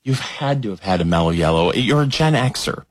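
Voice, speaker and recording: A man's voice: on the low side, moderate pace. A man co-hosting a podcast, delivering exaggerated comedic rants in casual chat. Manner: animated, exaggerated ranting. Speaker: podcast co-host.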